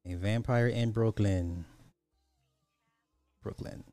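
A man's voice: on the low side, slow, warm tone, no echo, soft background music. A man hosting a podcast, giving casual, sarcastic commentary and thinking aloud as he looks up numbers. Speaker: podcast host.

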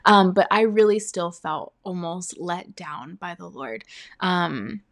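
A young woman telling a personal faith testimony in an earnest, halting way, full of "um" and "like". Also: fairly low pitch. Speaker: speaker sharing a faith testimony.

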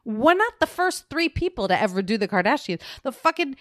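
A woman in her thirties co-hosts a podcast in loose, animated chat, her pitch bouncing all over as she talks. She laughs often and swears without thinking. The sound is dry and close, with no room at all. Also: fairly quick, no room sound. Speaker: podcast co-host. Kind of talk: casual chat.

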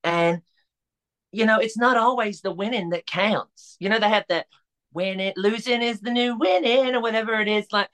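A woman's voice: medium pitch, moderate pace, fairly bright tone. Chatty woman full of fillers. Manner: chatty, hesitant, many fillers and restarts. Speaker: podcast guest, drag performer. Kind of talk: casual podcast chat.

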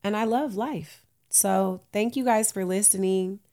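A woman's voice: mid-range voice, unhurried, mellow. A woman in her late thirties hosting a casual solo podcast, candid and uplifting, laughing often, with African American Vernacular English. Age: late 30s. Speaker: podcast host.

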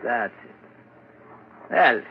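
A man playing a composed doctor at a mental ward, measured and explanatory, in 1940s radio acting. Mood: inquiring. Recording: dull old radio recording, faint hiss.

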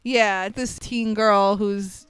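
A woman co-hosting a casual movie recap, animated and swearing freely as she acts out characters' lines. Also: medium pitch, very slow, clear, resonant tone, dry recording, poor audio. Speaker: podcast co-host.

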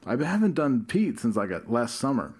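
A man's voice: medium pitch, sing-song, normal speed, darkish tone, husky. Laid-back swearing podcast guy. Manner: laid-back, swears often, laughs a lot. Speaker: podcast co-host. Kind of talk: casual chat.

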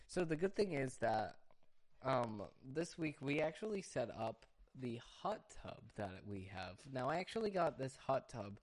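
A young man hosting a casual solo podcast, chatting in a rambling way and often breaking off to hush his dog. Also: medium pitch, big pitch swings, measured pace. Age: young adult. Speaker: podcast host.

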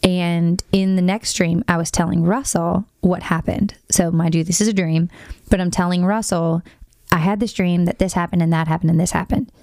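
A woman hosting a casual faith conversation, telling a story earnestly with quick asides. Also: lowish voice, fairly even intonation, a little mellow, dry recording, studio quality.

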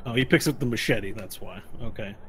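Bright-voiced man running a tabletop game. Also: lowish voice, a little fast, breathy edge. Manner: laughs often while narrating; loose, rambling and self-correcting. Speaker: game master.

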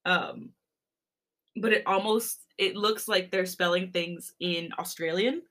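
A woman's voice: lowish voice, fairly even intonation, takes it slowly, fairly bright tone. A woman podcast co-host reading fan fiction aloud, often laughing and breaking off to chat.

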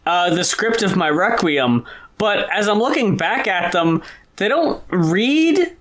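A man's voice: high voice, slow pace. A man co-hosting a podcast, casually reviewing an album and reading from his notes with chuckles. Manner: relaxed, reads from notes, chuckles. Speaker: podcast co-host.

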